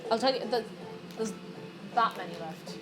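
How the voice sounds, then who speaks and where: Over loud music, an Irish woman with a slightly high voice speaks at a normal speed as she bakes in her home kitchen on stream. She chats casually with viewers, teasing and joking with them in a playful way.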